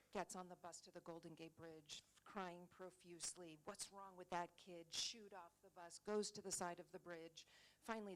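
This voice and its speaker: A woman with a low, gravelly voice tells a story to a panel audience. She delivers it in an animated, vivid way, with plenty of fry in her tone. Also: rough recording. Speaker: conference panelist.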